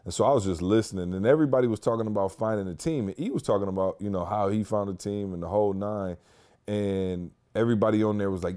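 A man's voice: lowish voice, quick pace, mellow. A man co-hosting a podcast in casual chat, loose and rambling, often saying "you know.". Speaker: podcast co-host.

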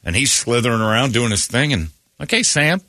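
A man's voice: mid-range voice, lively intonation, quick pace, bright, forceful tone, no echo, studio quality. A man hosting a morning radio show, telling rambling, joking stories in casual banter.

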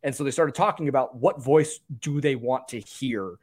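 A man's voice: mid-range voice, normal speed. A young man co-hosting a casual sports podcast, chatty and self-deprecating, laughing often. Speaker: podcast co-host.

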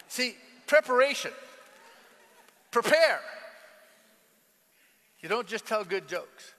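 Male pastor, lively sermon style with call and response, ringing bright voice, long church reverb. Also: high-pitched, slow pace, pauses often. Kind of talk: sermon with a told joke. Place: large church hall.

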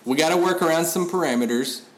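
A man's voice: fairly high pitch, fast talker. A man hosting a sports podcast, talking loosely with many fillers and restarts. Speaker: podcast host. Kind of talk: casual podcast interview.

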